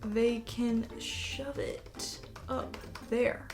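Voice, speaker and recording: Slow, sarcastic young woman. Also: on the high side, over music. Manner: blunt, sarcastic, deadpan. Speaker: YouTuber. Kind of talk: casual chat while role-playing with chatbots.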